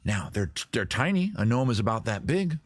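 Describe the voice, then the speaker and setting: A man hosting a livestream from home, riffing on viewer questions in a rambling, crude, deadpan absurd way. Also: medium pitch, moderate pace. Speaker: host. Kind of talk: improvised comic livestream answering viewers.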